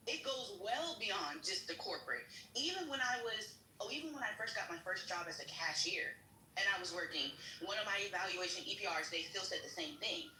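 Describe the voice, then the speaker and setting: Animated young woman telling a story. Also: mid-range voice, brisk, roomy sound, a little hiss or hum, low-quality recording. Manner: animated, swearing, quotes others in raised voices. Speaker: panelist. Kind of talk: casual storytelling on a live stream.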